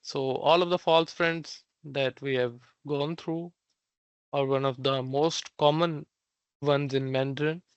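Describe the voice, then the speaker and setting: A man teaching an online Mandarin class, slowly repeating phrases and explaining them with fillers like "uh" and "like". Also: on the high side, fairly even intonation, clear, resonant tone, dry recording. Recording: dull, dry lo-fi sound.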